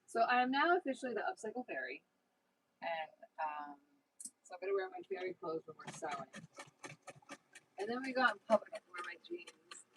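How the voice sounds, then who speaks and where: Against a noisy background, a woman with a blended New Jersey and Tennessee accent chats and rambles on her YouTube livestream, reading comments from viewers. Her slightly high voice swings widely in pitch, and she talks fairly quickly with frequent pauses.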